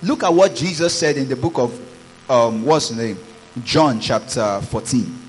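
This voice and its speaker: A man's voice: medium pitch, measured pace, a little hiss or hum, rough recording. A man preaching a sermon as pastor, reading scripture aloud and calling out praises. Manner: preaching with rising exclamations, reads scripture aloud.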